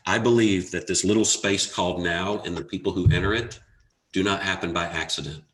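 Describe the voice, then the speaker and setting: A man giving a motivational talk, telling a personal story earnestly with dramatic pauses and rising emphasis. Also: deep voice, fairly even intonation, a bit bright, a little hiss or hum. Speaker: motivational speaker. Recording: echoey room.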